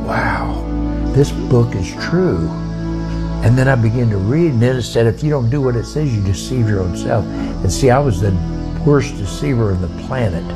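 A man's voice: medium pitch, fairly quick, over loud music. An older man telling his personal testimony in a folksy, plainspoken way.

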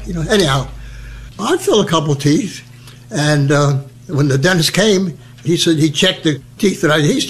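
An elderly American man telling personal stories in a chatty, humorous way, acting out the voices of people he quotes. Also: on the high side. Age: older. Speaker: veteran interviewee. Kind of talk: personal storytelling.

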